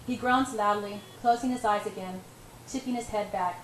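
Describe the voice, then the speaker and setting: A woman reading first-person romance narration in a soft, intimate way. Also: mid-range voice, moderate pace, roomy sound, slight background noise, poor audio. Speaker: audiobook reader.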